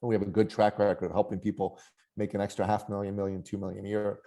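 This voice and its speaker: Gravelly man telling a story. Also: on the low side, fast. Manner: animated storyteller who acts out quoted voices. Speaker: podcast guest. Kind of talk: storytelling in a conversational interview.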